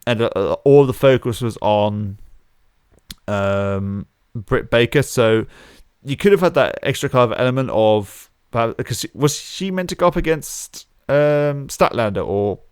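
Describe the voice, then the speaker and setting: A man's voice: mid-range voice, lively intonation, measured pace, a little mellow, clear, resonant tone, no echo, clean studio sound. A man co-hosting a wrestling podcast in a laid-back casual chat. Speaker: podcast co-host.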